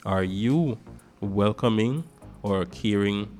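A lower-voiced man with a Guyanese accent delivers a casual talk-show monologue as its host. He talks in an animated, emphatic way, hitting some words hard and then dropping into quieter asides. A faint music bed plays underneath. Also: slow. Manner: animated, emphatic, swings between loud stresses and soft asides.

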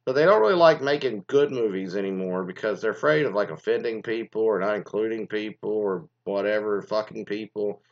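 A man giving a rambling, profane commentary, swinging between loud outbursts and low mutters. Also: fairly quick, hardly any pauses. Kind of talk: ranting casual commentary. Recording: dull lo-fi recording.

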